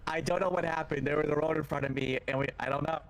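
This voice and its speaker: A man in character as a police officer in a role-play, talking in a hesitant, halting way. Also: a little high, steady tone. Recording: clear vehicle noise behind.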